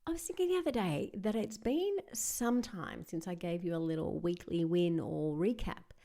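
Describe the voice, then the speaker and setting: A woman's voice: fairly low pitch, expressive, moderate pace, vocal fry, warm tone. A woman hosting her own podcast and giving a candid, chatty, self-reflective update in a casual solo talk. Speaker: podcast host and voice-over artist.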